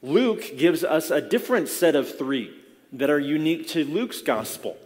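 A man's voice: on the high side, expressive, moderate pace, a little mellow. A man, a pastor, giving a sermon in a conversational, explaining way, often restarting his phrases. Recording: long reverb of a large hall.

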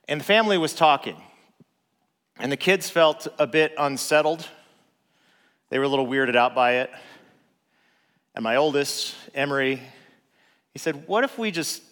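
Man, a dad, telling a story casually and loosely, mid-pitched, heard with long reverb. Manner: relaxed, conversational, frequent "like" fillers. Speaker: father telling a personal story.

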